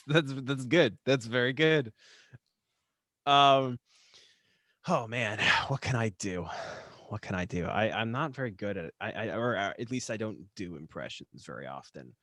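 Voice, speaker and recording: A man guesting on a casual podcast, hesitant and soft-spoken, laughing often. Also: on the low side, unhurried, no echo, studio quality. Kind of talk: casual chat.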